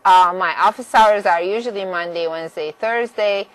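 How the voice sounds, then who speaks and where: A woman teacher walks students through course rules in a plain, mid-pitched voice. She talks directly and firmly, stressing deadlines, and now and then clears her throat. It is a recorded classroom lecture. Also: moderate pace, rough recording. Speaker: math instructor.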